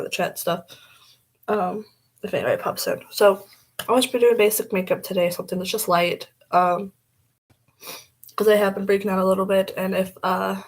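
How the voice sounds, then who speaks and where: Young woman makeup vlog, husky breathy voice, swears a lot, rambly chat. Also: mid-range voice, rough recording. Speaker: vlogger.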